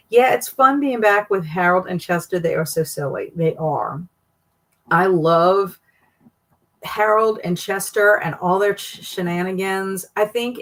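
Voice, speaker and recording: A woman hosting a casual reading livestream, chatting with viewers and reading their comments aloud, jumping up high for excited greetings. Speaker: livestream host.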